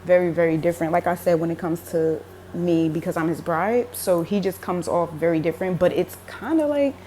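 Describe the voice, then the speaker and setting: A woman's voice: lowish voice, brisk, dark tone, a little hiss or hum. A young woman telling a religious dream in a casual, emotional way, with many fillers like "like" and "um". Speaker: religious vlogger. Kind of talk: casual spoken dream testimony.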